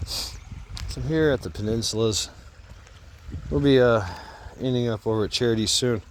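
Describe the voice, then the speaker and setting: Recording on a handheld phone as he walks outside by a creek, a man chats breathlessly, rambles easily and laughs at himself for his vlog. His mid-range voice moves a little slowly, and a slight hiss or hum can be heard.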